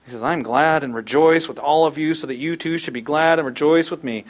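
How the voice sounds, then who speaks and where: A man preaching a sermon, animated, acting out quoted voices in loud, high bursts. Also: a little fast. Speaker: pastor.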